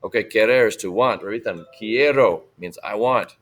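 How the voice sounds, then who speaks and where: Male teacher, low voice, patient, drills vocabulary for an online class. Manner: patient, repeats Spanish forms slowly for students. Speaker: Spanish teacher. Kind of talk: recorded online lesson.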